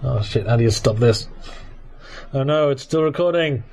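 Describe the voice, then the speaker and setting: A man's voice: medium pitch, moderate pace, gravelly, a little mellow. Wry male podcast co-host. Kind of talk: casual chat.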